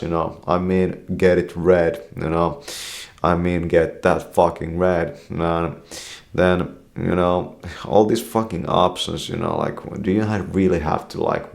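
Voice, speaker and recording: A man's voice: low voice, vocal fry. A man telling a meandering story, swearing constantly and dropping "you know" after nearly every phrase. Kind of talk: rambling storytelling.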